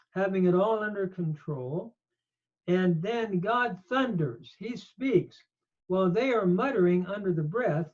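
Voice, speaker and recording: Slow, emphatic older male Bible teacher. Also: sits high, darkish tone. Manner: measured, emphatic, reads Hebrew aloud and explains each verse. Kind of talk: slow scripture lecture with Hebrew readings. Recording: dull lo-fi recording.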